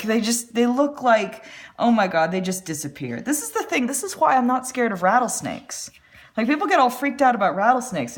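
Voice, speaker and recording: Chatty, lively woman streamer. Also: mid-range voice. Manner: rambling, chatty, quick asides. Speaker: artist and live stream host. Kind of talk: casual chat while drawing. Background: faint music.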